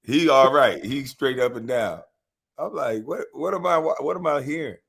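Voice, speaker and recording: A man's voice: medium pitch, animated, moderate pace, gravelly, fairly bright tone, husky. Laid back guy hosting, just telling stories, plain voice. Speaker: host. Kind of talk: casual chat.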